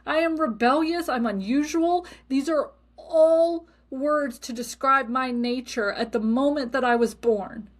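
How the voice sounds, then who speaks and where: A middle-aged woman hosting a solo podcast, talking casually in a blunt, expressive way and swearing freely. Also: high voice, measured pace, few pauses. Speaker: podcast host.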